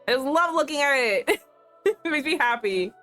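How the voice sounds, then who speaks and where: A young adult woman streaming a game, chatting casually in a playful, animated way and laughing often. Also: sits high, moderate pace, soft background music. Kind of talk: casual gameplay commentary.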